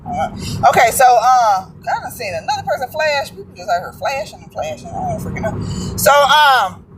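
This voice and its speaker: A woman's voice: sits high, wildly swooping pitch, moderate pace, a bit bright, a little hiss or hum, poor audio. A woman vlogging casual commentary from a moving car, slangy and chatty, stumbling over words when she reads aloud. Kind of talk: casual commentary while driving.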